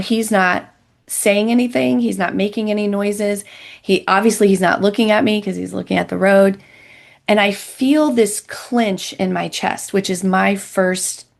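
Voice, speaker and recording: A woman's voice: medium pitch, vocal fry. A middle-aged woman, a Christian counselor, earnestly telling a personal story as a guest in a podcast interview. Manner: earnest, reflective, with quick bursts and slow emphatic phrases.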